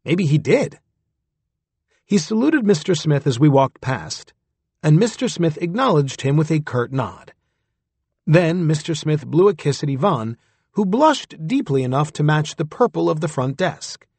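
A man with a husky voice narrating a story in the first person, in a close, dry recording. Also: a little high, sing-song, unhurried, a little mellow, no room sound. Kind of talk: scripted audiobook narration.

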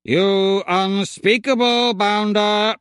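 A man's voice: high-pitched, fairly even intonation, takes it slowly, fairly bright tone, smooth, dry recording, clean studio sound, pitched above the performer's own voice. A man putting on a buzzing, indignant robot guard. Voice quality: buzzing, mechanical. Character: buzzing pompous male robot butler-guard.

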